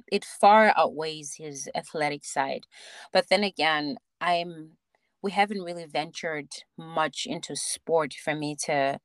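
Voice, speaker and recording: Lower-voiced woman telling stories. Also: no echo. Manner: animated storytelling with many restarts and laughs. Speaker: podcast guest, mother and theatre actor. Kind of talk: casual interview chat.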